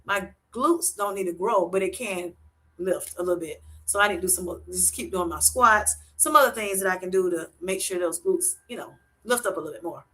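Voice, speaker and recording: A woman hosting a casual livestream, reading viewers' comments aloud and telling animated stories with plenty of laughter and endearments like "honey" and "sweetheart". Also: on the low side, brisk. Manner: animated storytelling, laughs often; uses Southern-style endearments like honey and sweetheart. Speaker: livestream host reading chat.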